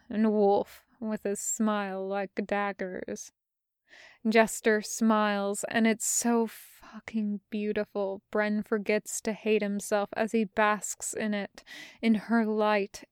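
A woman reads fan fiction aloud in a soft, intimate way. Her pace is unhurried and her voice smooth, recorded dry and close. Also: mid-range voice, dry recording. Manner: slow, soft, intimate reading. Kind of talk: audiobook narration of fan fiction.

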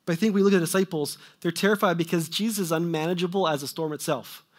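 A male preacher with a fairly high voice delivers a sermon. He swings between loud, emphatic questions and quiet asides that trail off. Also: fairly even intonation, quick pace.

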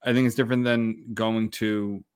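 A man's voice: on the low side, flat delivery, normal speed, smooth. A man co-hosting a podcast, talking in blunt casual chat and swearing now and then. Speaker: podcast co-host.

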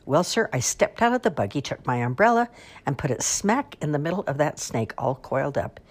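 A lively elderly great-aunt , put on by a woman reading aloud, tells a wild tall tale from a storybook. Her delivery is folksy and emphatic, sitting deep in pitch. A husky breath runs under it. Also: a little fast, full character voice. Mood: dramatic.

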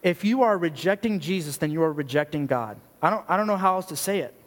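A youth pastor delivers a sermon in a plain, earnest, casual way, speaking straight to young listeners. His voice sits high for a man. A long echo trails each phrase in the large hall. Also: animated, quick pace. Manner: blunt, earnest and conversational, with many "like"s. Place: church youth gathering hall.

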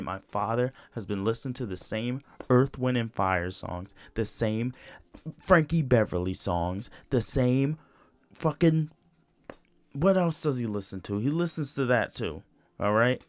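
A man's voice: lowish voice, a little slow. A young man hosting a solo podcast, talking casually in a rambling, profane way with lots of "you know" and restarts. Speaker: podcast host.

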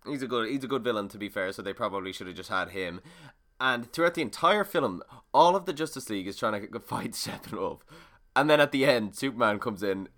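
Lively, bright man, rambling. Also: on the low side, fairly quick. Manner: lively, rambling, many fillers. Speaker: podcast co-host. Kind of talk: casual chat.

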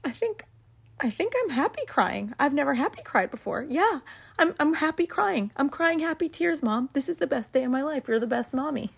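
A woman's voice: animated, moderate pace, creaky. A woman voicing her young son, a little boy so happy he is tearfully gushing. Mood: joyful tearful. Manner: high and tearful with happiness. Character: young boy overjoyed to tears.

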